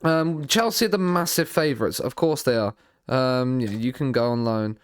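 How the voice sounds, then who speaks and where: A man streaming a football management game, thinking out loud in a rambling way, often repeating and restarting his words, with dry sarcastic asides. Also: mid-range voice, normal speed, smooth. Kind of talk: live stream commentary while playing a football manager game.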